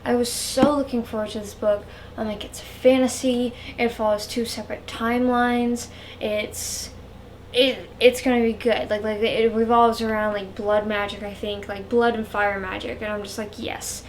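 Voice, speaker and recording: Higher-pitched woman book reviewer, rambly, frank, casual vlog chat. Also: little pitch movement, moderate pace, a little hiss or hum. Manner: rambling, frank, heavy use of "like".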